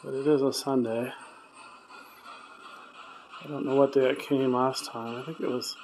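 A man on a solo ghost-hunting vlog in a dark hotel room at night, talking in a hushed voice and calling out to spirits. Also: medium pitch, steady tone, normal speed, slight background noise. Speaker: paranormal investigator.

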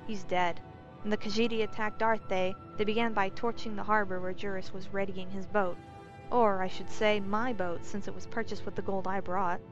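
A woman's voice: mid-range voice, flat delivery, normal speed, lightly acted. A dry, grim man from a fantasy storybook who has lost everything and shrugs it off, as a woman narrator puts him on. He speaks with weary bitterness. The recording is dull and lo-fi, with faint music. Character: grim, world-weary male Cyrodiil trader.

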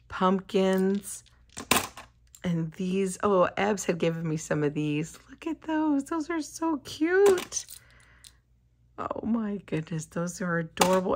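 A woman who is losing her voice chats casually while unboxing gifts, gushing and excitable, and she says "oh my gosh" again and again. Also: mid-range voice. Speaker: crafting vlogger.

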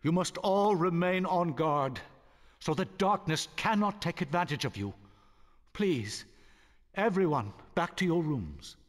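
A solemn high church leader who urges calm with measured authority. His voice is slightly high and moves lively through its pitch, ringing in a long reverb. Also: a little hiss or hum. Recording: long reverb, game audio.

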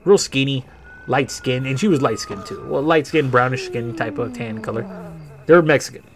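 A man's voice: mid-range voice, moderate pace, crowd noise. A man telling a rambling, profane personal story during a game playthrough, often correcting himself. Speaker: gaming channel host.

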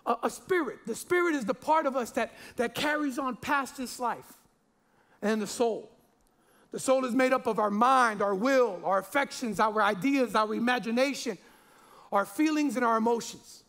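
High-voiced joking pastor, a man. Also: normal speed, gravelly, a bit bright. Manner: chatty and jokey, with many repeated words and fillers. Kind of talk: sermon.

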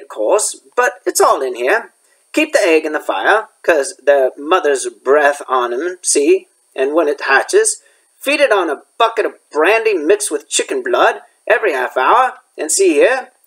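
A man's voice: fairly high pitch, sing-song, unhurried, fairly bright tone, husky, full character voice, low-quality recording. A man reading aloud as a big, blunt groundskeeper with a rustic dialect. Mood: pleased. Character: big gruff kindly groundskeeper man, proud. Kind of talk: reading a chapter book aloud.

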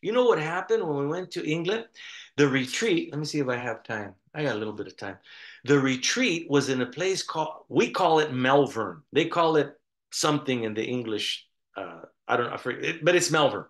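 A man preaching a sermon, telling stories in a rambling, animated way with frequent restarts. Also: medium pitch, fairly quick. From United States. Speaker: pastor.

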